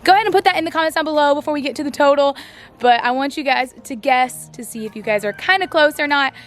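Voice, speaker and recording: Woman, casual farm vlog, bubbly and chatty, slightly high voice, light music behind. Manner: bubbly, talks sweetly to her animals. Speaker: farm pet vlogger. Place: outdoors on a farm, then a feed shed.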